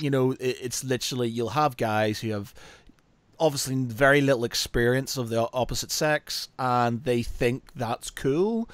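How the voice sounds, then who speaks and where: A man's voice: medium pitch, no echo. A man hosting a casual podcast chat, rambling, laughing often and saying "mate" and "you know".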